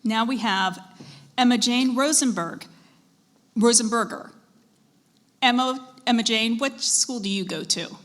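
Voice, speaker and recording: A woman serving as pronouncer at a spelling bee, reading out words and dictionary definitions in a measured, deliberate way and prompting contestants politely. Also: on the high side, a bit bright. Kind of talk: formal competition announcing. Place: school event hall.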